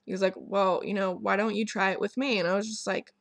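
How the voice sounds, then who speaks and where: Rambling young woman with a gravelly voice. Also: medium pitch, fairly even intonation, quick pace, dry recording. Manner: rambling, many ums and restarts, candid. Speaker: vlogger. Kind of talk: personal storytelling rant to camera.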